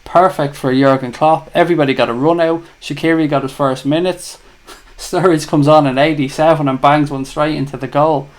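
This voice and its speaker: A man's voice: fairly high pitch, fairly even intonation. Chatty Irish man hosting a livestream. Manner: chatty, teasing, fast banter. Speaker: livestream host. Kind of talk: casual live chat reading viewer comments.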